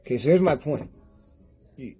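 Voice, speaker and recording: A man reviewing products on his vlog in a rambling, profane rant to camera while he is high, repeating himself as he talks. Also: expressive, normal speed, warm tone, slightly rough, soft background music.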